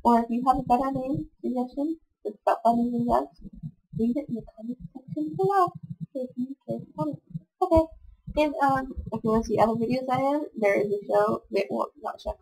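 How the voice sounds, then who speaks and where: Talking briskly in a somewhat mellow voice, a sick young woman sniffles through a rambling, casual chat over a game. She's a gaming vlogger whose manner is chatty, self-deprecating and meandering, and the low-quality home audio comes from her computer mic.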